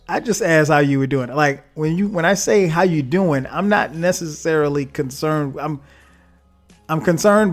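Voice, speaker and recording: A man hosting his own podcast, talking in a laid-back, chatty way with frequent laughs and fillers. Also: mid-range voice. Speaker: podcast host. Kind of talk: casual solo podcast monologue.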